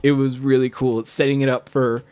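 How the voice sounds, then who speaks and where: A man's voice: mid-range voice, flat delivery, brisk. A man hosting a let's play, rambling through casual gameplay commentary with self-deprecating jokes.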